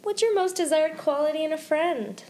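A young adult woman co-hosting a podcast, chatting in an expressive, exclamatory way and swearing casually. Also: sits high, moderate pace. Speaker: podcast co-host. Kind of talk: casual chat.

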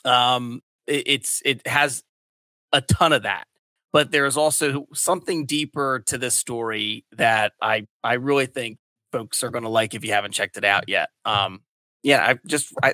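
Middle-aged man hosting, forceful. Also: mid-range voice, normal speed, no room sound. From Delaware County, Pennsylvania. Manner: rambling, frequent restarts and fillers. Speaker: podcast host. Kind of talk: casual chat.

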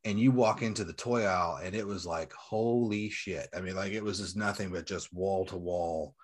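Middle-aged man, lowish voice, rambling, swearing, casual toy chat. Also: brisk. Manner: rambling, profane, animated storytelling. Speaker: toy collector and seller.

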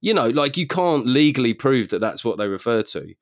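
A man hosting a comedy podcast, riffing and teasing with a quick joking manner. His voice sits at an ordinary pitch for a man, and the sound is dry and close with no room around it. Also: big pitch swings, no room sound. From South London. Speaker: podcast host. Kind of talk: casual comedy chat.

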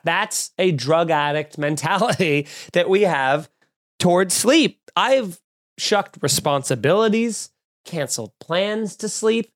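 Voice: mid-range voice, animated, slow. A podcast host talking in a rambling, profane, mock-exasperated comedic way. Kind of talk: casual comedic chat.

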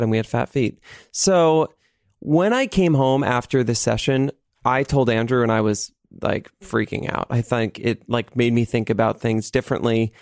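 A young man telling a story in casual talk, animated, with lots of swearing and "like". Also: mid-range voice, creaky, no room sound, studio quality. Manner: animated, swears a lot, heavy use of "like".

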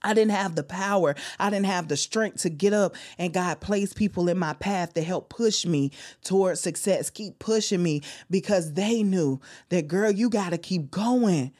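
A woman hosting her own podcast, talking alone with deep feeling and frequent exclamations. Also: normal speed, hardly any pauses, a little mellow. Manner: heartfelt, testifying, exclaims often. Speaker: podcast host. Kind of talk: emotional solo podcast talk.

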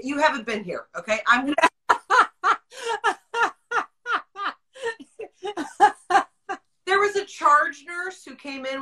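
A woman's voice: a little high, pushed and bright, poor audio. A woman hosting a podcast, telling a story in a casual, candid way, swearing freely, laughing often and acting out the people she quotes. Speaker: podcast host.

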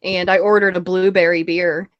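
A woman's voice: lowish voice, flat delivery, normal speed, no echo, dull audio. A woman guest in a casual podcast chat, giggling often as she talks. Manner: giggly, chatty.

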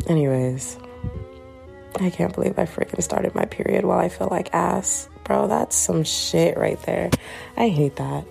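A woman's voice: on the low side, a little slow, vocal fry, warm tone, soft background music. A young woman hosting a casual solo podcast from home, rambling through a dramatic story in slangy speech. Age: young adult. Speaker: podcast host. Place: home, bedroom.

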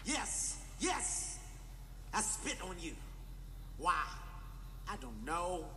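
A man doing animated, profane stand-up comedy storytelling and acting out the voices in his stories. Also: sits high, very slow, background noise.

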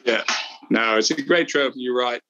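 Bright-voiced man telling golf stories. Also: mid-range voice, normal speed, highs cut off. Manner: rambling, storytelling with restarts. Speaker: podcast co-host, former golf champion. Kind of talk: casual chat.

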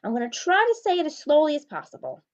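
A woman's voice: high-pitched, huge pitch swings, fast talker, dull audio. Blunt, emphatic woman sports podcaster. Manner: blunt, emphatic, repeats points for stress. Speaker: podcast host. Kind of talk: opinionated solo sports commentary.

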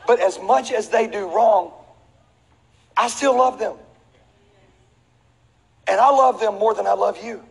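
A middle-aged man pastor telling a comic story in a lively sermon, acting out voices, laughing and sometimes shouting. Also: high-pitched, measured pace, gravelly, long pauses, breathy edge. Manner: animated, acts out voices, laughs, shifts to shouting. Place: large church auditorium. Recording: reverberant hall with faint ambience.

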